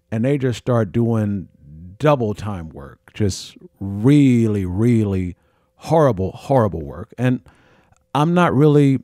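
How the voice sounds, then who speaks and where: A man hosting a podcast, recounting his own experiences in a halting, repetitive, earnest monologue. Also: medium pitch, warm tone, no room sound, clean studio sound. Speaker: podcast host. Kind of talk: personal storytelling monologue.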